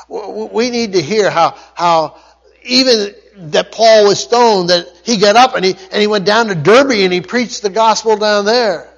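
High-voiced man preaching with emphatic repetition. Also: measured pace, dull audio. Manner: emphatic repetition, frequent restarts and stumbles. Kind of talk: sermon.

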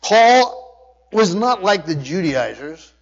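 Male pastor, higher voice, emphatic sermon delivery with restarts; muffled recording with long hall echo. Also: big pitch swings, slow. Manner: emphatic preaching with frequent restarts and word study. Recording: dull sound with long hall reverb.

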